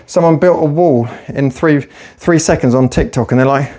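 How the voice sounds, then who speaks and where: A man's voice: a little high, moderate pace, warm tone, slight background noise. A man, a personal trainer, ranting casually and profanely while working out at the gym. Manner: profane, rambling, sarcastic. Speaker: personal trainer and fat-loss vlogger. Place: gym during a workout.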